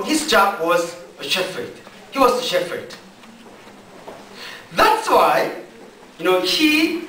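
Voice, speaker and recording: Male pastor, slow deliberate English sermon; animated delivery, heard from afar in a roomy hall. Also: sits high, a little hiss or hum. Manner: slow deliberate non-native English with many fillers and restarts. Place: church hall. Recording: echoey church hall from far off.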